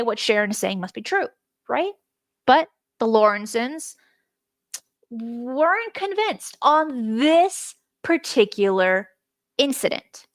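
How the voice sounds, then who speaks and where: An excited woman hosting a live stream, talking straight to her viewers in a fairly high, chatty voice. The sound is dry and close, with no room echo. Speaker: host. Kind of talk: live-stream case study talk.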